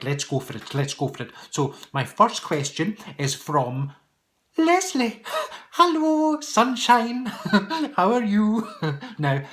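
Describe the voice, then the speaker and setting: A middle-aged man chats through viewer questions on his vlog in a playful, teasing way. He laughs often as he talks. His voice sits at an ordinary middle pitch. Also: a bit bright. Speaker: vlogger answering viewer questions. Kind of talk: casual Q&A vlog chat.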